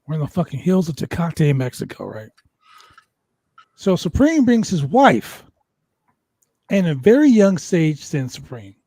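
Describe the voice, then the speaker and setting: A man hosting a wrestling podcast, telling a road story with heavy swearing and lively energy. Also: on the high side, a little slow, pauses often, no echo. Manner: animated, profane storyteller. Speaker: podcast host.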